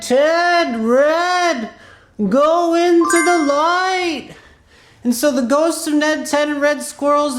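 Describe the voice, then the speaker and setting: A woman's voice: high-pitched, echoey room, a little hiss or hum. A woman telling an improvised children's story in a clown persona, rambling and playful with asides.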